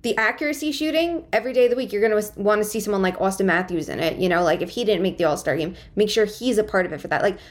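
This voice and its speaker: A woman with a middle, ordinary pitch who speaks on a casual podcast. She argues her points with animation and swears a lot. She talks in loose, chatty runs. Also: very fast, hardly any pauses. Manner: opinionated, animated, swears freely. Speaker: podcast co-host.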